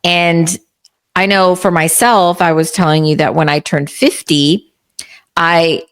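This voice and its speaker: A woman's voice: fairly low pitch, steady tone, takes it slowly. A woman in her fifties from Texas, hosting a podcast interview in a chatty way and telling family anecdotes. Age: 50s. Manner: chatty, tells anecdotes acting out quotes. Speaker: podcast host. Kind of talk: casual interview chat.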